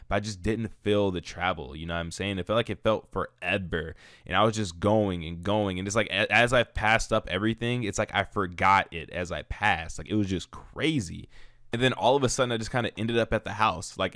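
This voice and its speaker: A man's voice: lowish voice, a bit bright, no room sound, studio quality. A young man telling a rambling storytime vlog, filling his talk with "like" and "bro". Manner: rambling, filler-heavy, frequent "like" and "bro". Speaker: YouTuber.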